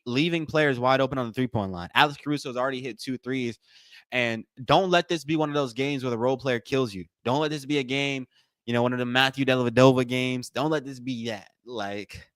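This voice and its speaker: A man's voice: mid-range voice, a bit bright, no echo, clean studio sound. Casual man calling a game live. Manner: casual, repetitive, addresses viewers as y'all. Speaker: watch party host.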